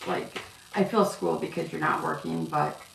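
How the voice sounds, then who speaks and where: A woman reading cards on a live stream, chatting warmly with viewers and calling them love. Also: deep voice, very animated, normal speed, gravelly, far from the mic. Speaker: card reader. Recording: echoey room, off-mic, noisy.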